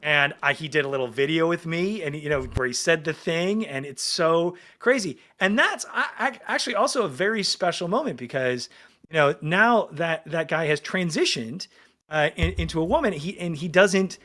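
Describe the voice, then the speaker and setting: This man in his forties has a voice on the high side and talks at a normal speed. As a podcast guest, he tells stories casually, rambling with excitement and plenty of restarts.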